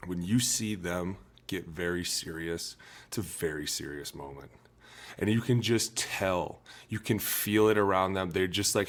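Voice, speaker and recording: A man's voice: deep voice, fairly bright tone. A man in his thirties, a former pro football lineman, talking earnestly and emotionally on a podcast and acting out what others said. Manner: earnest, emotional, talks fast and acts out quotes. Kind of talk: candid podcast talk.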